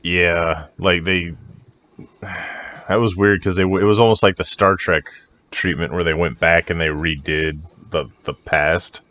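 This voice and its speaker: A man's voice: low voice, steady tone, measured pace, bright, forceful tone, no room sound, lo-fi sound. A man co-hosting a podcast in casual chat, laid-back and joking with plenty of swearing. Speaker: podcast co-host.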